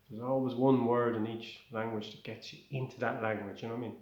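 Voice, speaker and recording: Rambling Irish comedian, echoey room. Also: male voice, on the low side, fast talker, few pauses. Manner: rambling, self-interrupting, excitable. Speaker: stand-up comedian. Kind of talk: comic storytelling.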